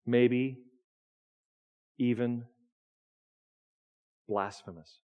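A man's voice: mid-range voice, steady tone, extremely slow, clean tone, highs cut off. A man preaching a sermon in a church, talking in a conversational way, often restarting his words and teasing the congregation. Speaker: pastor. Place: church sanctuary.

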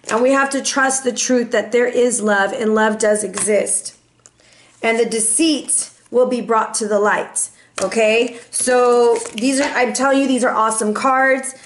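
A woman's voice: on the high side, fairly even intonation, a little slow, echoey room, slight background noise. A woman giving a casual tarot reading, chatty and playful as she talks through the cards. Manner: chatty and playful, sings and meows in bursts. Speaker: tarot reader.

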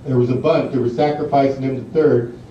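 This storytelling speech comes from a middle-aged man, guest speaker at an induction ceremony, who rambles through anecdotes with many fillers and laughs at his own stories. His medium-pitched voice is steady, mellow and a little fast. Recorded in a large banquet hall, it sounds distant, muffled and echoey, with a bit of hiss or hum.

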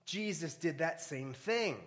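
A man preaching a sermon, reading scripture aloud and breaking into casual jokes and sudden loud, rising exhortations. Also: a little high, expressive, takes it slowly. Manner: reads scripture aloud between asides. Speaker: pastor.

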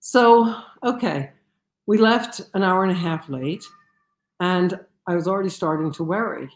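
Animated storytelling woman, lowish voice. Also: unhurried, echoey room. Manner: animated, with many fillers and restarts. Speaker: speaker telling a personal story. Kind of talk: storytelling talk.

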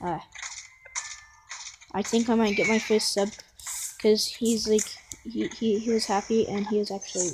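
Chatty woman rambling over a game she's playing, gets worked up fast, faint noise behind. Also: medium pitch. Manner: rambling, excitable, talks to viewers as guys. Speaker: gaming vlogger. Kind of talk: gameplay commentary.

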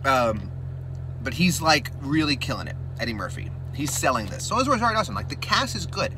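A man rambling through a movie recap while his mouth burns from spicy chips, slipping into excited impressions. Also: medium pitch, a little fast, music in the background. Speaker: mukbang host.

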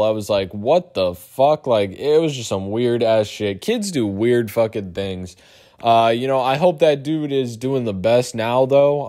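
A young man telling a profane, animated storytime for his YouTube channel. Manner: profane, animated storytelling with big pitch swings. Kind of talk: storytime vlog.

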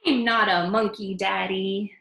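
A woman voicing a playful, bouncy little boy who speaks in a high, eager way while reading a picture book aloud. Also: steady tone, measured pace, gravelly, a bit bright, roomy sound. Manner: high, eager, squealing delivery.

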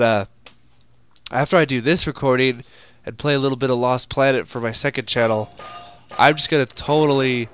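A young man doing casual let's play commentary, tired and yawning, reacting loudly with grunts and battle cries as he fights. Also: medium pitch. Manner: excitable, shouts attack noises and groans at the game. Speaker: gaming YouTuber.

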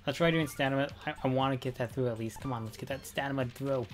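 Brief: casual male streamer, mid pitch, chatty, swears, faint game music behind. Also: fast talker. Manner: excitable, repeats phrases, swears freely. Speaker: gaming streamer. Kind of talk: casual gameplay commentary.

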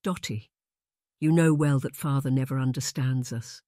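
A woman narrator voicing a spirited, gentle young woman who soothes her sister, in an audiobook reading. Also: rumbling low, steady tone, moderate pace, no echo, clean studio sound. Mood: soothing. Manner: gentle, then indignant.

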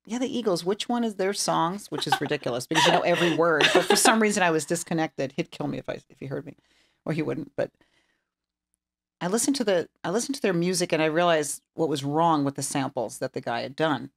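A woman's voice: deep voice, fast, creaky. A middle-aged woman, an interior designer, telling stories in an interview and acting out the dialogue. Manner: animated storyteller who acts out quoted dialogue. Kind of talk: storytelling interview chat.

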